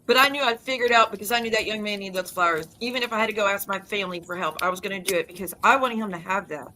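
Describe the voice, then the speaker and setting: A woman's voice: mid-range voice, bright, forceful tone, a little hiss or hum. A woman YouTube creator ranting heatedly to her viewers, swearing and cutting herself off mid-sentence. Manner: heated, profane, rapid restarts and self-interruptions.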